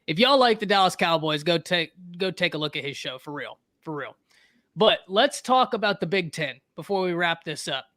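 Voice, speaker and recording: High-voiced animated sports show host man. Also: normal speed. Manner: animated, joking, repeats phrases for emphasis. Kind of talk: casual sports talk.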